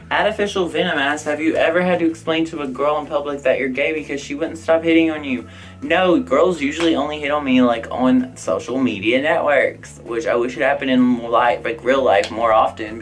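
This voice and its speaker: A man's voice: mid-range voice, rough recording. A young man casually answering viewer questions in a vlog, chatty and outspoken, with lots of "like" and "I don't know".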